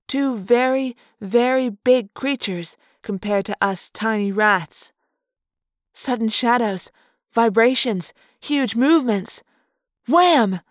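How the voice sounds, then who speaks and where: A woman's voice: a little high, no room sound, clean studio sound. Woman narrating a story in first person. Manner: expressive, acting out the action.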